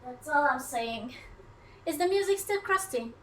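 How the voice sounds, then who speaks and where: A woman's voice: high voice, expressive, measured pace, background noise. A woman livestreaming herself cooking, chatting casually in a playful, teasing way with her viewers from her kitchen. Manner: playful, teasing, jokey banter with chat. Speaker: streamer.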